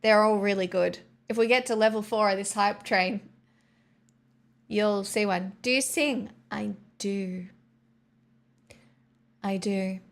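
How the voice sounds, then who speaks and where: An Australian woman chats with her live stream audience in an easy, rambling way, peppering her talk with "like." She speaks slowly and unhurriedly. Her voice has a gravelly fry running through it. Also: mid-range voice, steady tone. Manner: rambling, chatty, lots of "like" fillers. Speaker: live streamer chatting with viewers. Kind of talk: casual chat.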